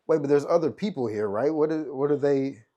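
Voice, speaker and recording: A man's voice: on the high side, brisk, mellow, lo-fi sound. A man hosting a podcast who mostly reacts with short interjections and questions. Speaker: podcast host. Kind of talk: casual interview chat.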